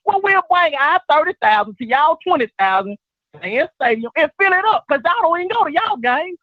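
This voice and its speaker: A caller with a very high voice phones into a sports show, animated and a little fast, boastfully trash-talking a rival team's fans in phone-in banter. The recording is dry, with dull phone-call audio.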